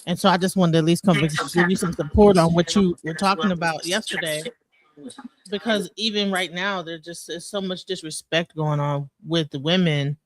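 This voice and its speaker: A woman calling in as a guest to a livestream, speaking in an earnest, halting way. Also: on the low side, steady tone, rough recording. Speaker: DJ call-in guest. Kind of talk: casual call-in chat.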